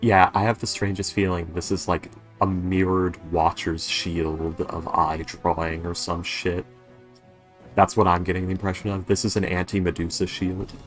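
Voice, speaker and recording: A man chatting as a player in a tabletop game, wry and joking in a low-key way. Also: little pitch movement, moderate pace, faint music behind. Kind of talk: casual tabletop chat.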